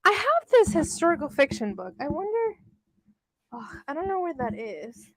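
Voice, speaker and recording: A woman's voice: sits high, big pitch swings, moderate pace, dry recording, clean studio sound. A young woman chatting casually with her livestream audience, laughing often and swearing freely. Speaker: livestream host reading with chat. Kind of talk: casual chat.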